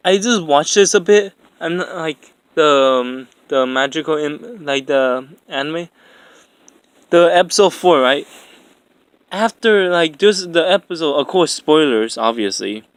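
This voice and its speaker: A young man with a high-pitched voice rants in a rambling, profane way, full of fillers and exasperation. The sound is dry and close, with no room around it. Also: animated, a little slow, clean tone, dry recording. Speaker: anime commentator. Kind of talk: ranting commentary.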